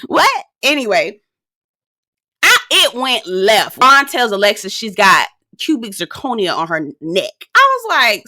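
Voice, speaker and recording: A woman in her thirties dishes on a reality show in a sassy, animated recap. Her voice is bright and cutting, sitting at an ordinary pitch. The sound is dry and close, with no room around it. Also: measured pace, no room sound. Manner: sassy, animated, laughing asides and put-on quotes. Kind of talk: casual recap commentary.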